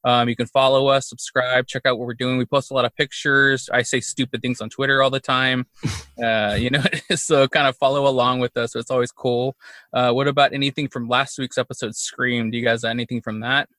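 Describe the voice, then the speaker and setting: Man, podcast host, bright forceful voice, dry close sound, rambling with fillers. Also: mid-range voice, flat delivery, a little fast, no echo. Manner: rambling with many fillers and laughs. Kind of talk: casual chat.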